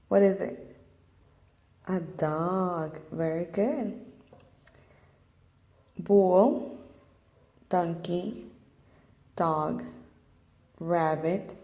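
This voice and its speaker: Slow, gravelly-voiced woman teacher. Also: on the low side, warm tone, reverberant. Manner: slow and clear, drilling words. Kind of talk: children's vocabulary lesson.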